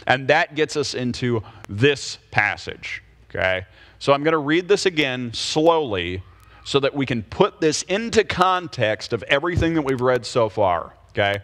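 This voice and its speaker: A man's voice: mid-range voice, very animated, unhurried, a bit bright. A man leading a Bible study, explaining scripture in a casual teaching style and often checking in with his listeners. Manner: explains patiently, checks in with frequent "okay?" and "right?".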